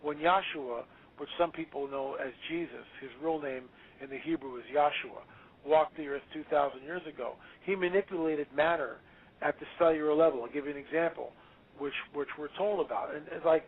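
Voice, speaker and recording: A male author talking as an interview guest, emphatic and preachy, quick to exclaim. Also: on the high side, a little hiss or hum. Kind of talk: animated interview talk. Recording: tinny phone-line audio.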